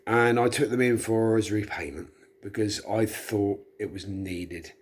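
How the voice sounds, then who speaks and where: A man's voice: lowish voice, a little slow, husky. A middle-aged man, tipsy, rambling chattily and self-deprecatingly in a casual monologue. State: tipsy from drinking. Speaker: vlogger.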